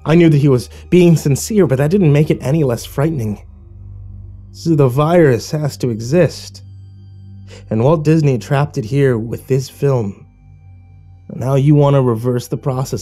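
A man's voice: medium pitch, a little slow, pauses often, warm tone, breathy edge, faint music behind. A man narrating a horror story in the first person, with dramatic scripted delivery.

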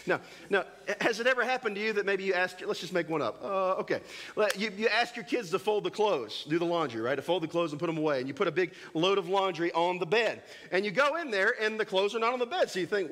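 A man preaching a sermon as pastor, animated and joking, acting out little scenes for his congregation in a church. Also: sits high, quick pace. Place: church sanctuary.

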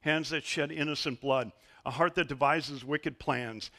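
Middle-aged male pastor, bright slightly high voice, animated sermon storyteller. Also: measured pace. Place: church sanctuary.

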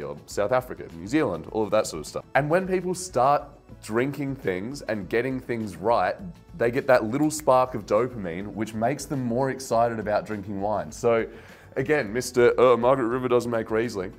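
A man's voice: lowish voice, lively intonation, normal speed, soft background music. A young man hosting a wine channel, rambling casually and getting worked up, mocking himself as he goes. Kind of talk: casual rant to camera.

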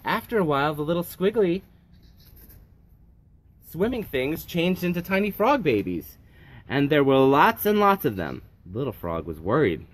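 Middle-aged male story-time host, reads to kids, bouncy and expressive, slightly high. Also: moderate pace. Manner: animated, sing-song, kid-friendly. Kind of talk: reading a picture book aloud to children.

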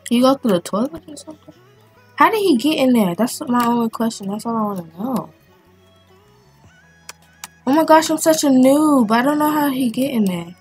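A woman giving casual, excitable commentary as she plays a video game, chatting and thinking aloud as she goes. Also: high voice, moderate pace, pauses often, slightly rough, soft background music. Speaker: gaming channel host.

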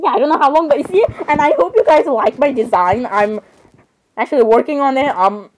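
A woman's voice: high voice, brisk, darkish tone, slight background noise, poor audio. A young woman chatting casually for a vlog, rambling and giggling while she interrupts herself. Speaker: vlogger. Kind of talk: casual chat over screen browsing.

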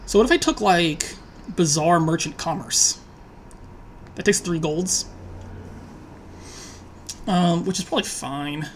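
A woman thinking aloud as she plays an online card game, muttering her options, then pleading, swearing and laughing loudly at the draws. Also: fairly low pitch, animated, slow pace, pauses often, a little hiss or hum. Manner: talks to herself, swings from quiet musing to loud laughing outbursts.

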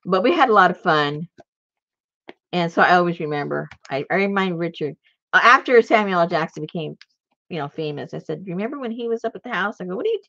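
A woman with a lower voice swings her pitch widely as she tells a rambling story, laughing along the way. The recording is dry and a little dull. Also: fast, no room sound. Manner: rambling, animated, laughs while telling stories. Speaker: crafter and channel host. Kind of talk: casual storytelling chat.

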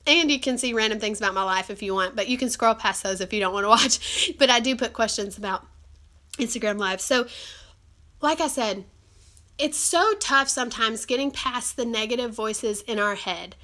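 A woman with a cold hosts a live stream over a phone or webcam, talking earnestly and chattily with lots of fillers in an encouraging way. Her voice is on the high side, pushed and bright, at a moderate pace.

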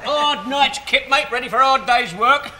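A man's voice: very high voice, moderate pace, pushed and bright, full character voice. An actor playing a cheerful, cheeky male bus driver who jokes and laughs as he talks. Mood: cheery. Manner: hearty, jokey, laughing as he talks. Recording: noisy old sitcom soundtrack.

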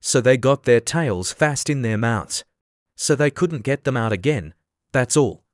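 A man's voice: medium pitch, expressive, unhurried, dry recording, clean studio sound, natural voice. A man voicing an impatient, bossy male griffin creature in a storybook reading, with a solemn, matter-of-fact delivery.

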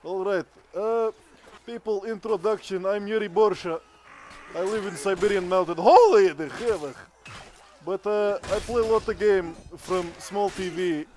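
A man's voice: high-pitched, unhurried. A man putting on a Siberian gamer with broken English. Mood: boastful. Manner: broken English, swearing, excitable. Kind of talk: comedic gaming character bit.

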